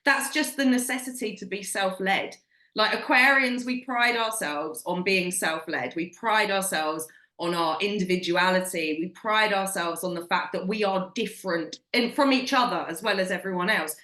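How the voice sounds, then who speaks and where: A woman's voice: medium pitch, normal speed, sharp tone, roomy sound. Blunt British woman in her forties. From Britain. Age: 40s. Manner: blunt, emphatic, swears freely. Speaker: podcast co-host. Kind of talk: casual chat.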